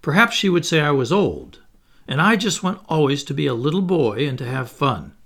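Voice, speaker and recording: A man's voice: a little high, lively intonation, normal speed, fairly bright tone. A man voicing a proud, defiant boy who refuses to grow up, speaking in clipped, bold words.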